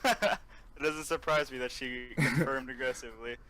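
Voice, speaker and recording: A man's voice: mid-range voice, moderate pace, sharp tone, slight background noise. A young man co-hosting a casual gaming podcast, chiming in with short agreeable replies and frequent laughter. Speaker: podcast co-host.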